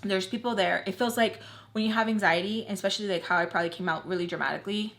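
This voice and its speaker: A woman's voice: mid-range voice, racing, a bit bright. A woman vlogger telling a personal story while doing her makeup. She talks casually and bluntly, swears freely, and acts out what people said. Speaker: beauty vlogger.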